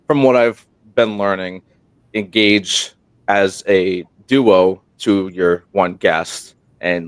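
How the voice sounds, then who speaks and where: Deep-voiced guy telling stories on a podcast, rambly and animated, tired late at night, dry close sound. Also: no echo. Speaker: podcast host, guest. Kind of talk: casual interview storytelling. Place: remote room while on military deployment. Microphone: single portable microphone.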